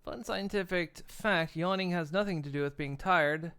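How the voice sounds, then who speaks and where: A man's voice: high voice, normal speed, bright, forceful tone, clean tone. A man chatting casually on a long live stream, laid-back and rambling, laughing often and yawning between lines.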